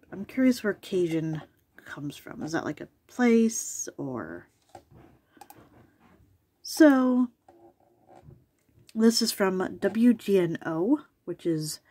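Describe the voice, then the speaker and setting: A woman's voice: on the low side, warm tone, husky, no room sound. A woman with an allergy-worn voice, chatting casually at her home desk as a video host, rambling with asides and ums. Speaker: YouTube host. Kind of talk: casual chat about cryptids.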